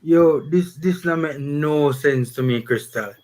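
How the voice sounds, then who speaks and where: A Jamaican man hosting a casual sports chat, his speech full of lively Patois-laced banter. His voice sits a little higher than most men's. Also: measured pace. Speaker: sports vlog host.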